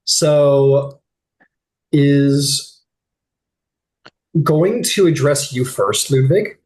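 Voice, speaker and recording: A man's voice: medium pitch, drawn-out words, darkish tone. A man narrating a tabletop game as game master, rambling and correcting himself as he describes scenes.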